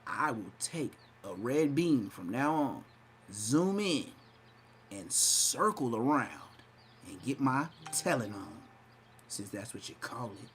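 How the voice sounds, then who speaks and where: A man's voice: mid-range voice, very animated, takes it slowly, fairly bright tone, slight background noise. A man hosting a livestream podcast, talking trash in a brash, mocking way and slipping into exaggerated voices. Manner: hyped, shifts into exaggerated voices. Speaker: podcast host. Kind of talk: livestream commentary.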